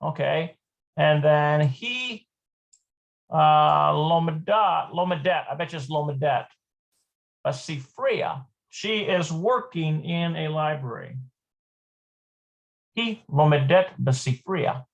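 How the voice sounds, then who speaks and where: A Hebrew teacher giving a live online lesson, thinking aloud, hesitant and repeating words slowly. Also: medium pitch, lively intonation, gravelly, lo-fi sound.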